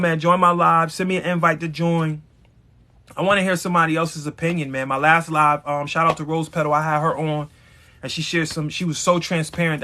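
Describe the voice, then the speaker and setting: A man's voice: fairly high pitch, bright, forceful tone. A man hosting a live stream, giving a blunt, emphatic motivational talk straight to his viewers, with some profanity. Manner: addresses viewers directly.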